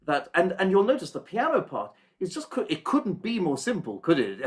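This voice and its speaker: Guy coaching a singer on a video call, soft-spoken and thoughtful, hums little da da rhythms, very animated pitch. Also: normal speed, few pauses. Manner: gentle, thoughtful, searching for words with restarts; sings rhythms on "da" to demonstrate. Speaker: masterclass teacher. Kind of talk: online singing masterclass coaching.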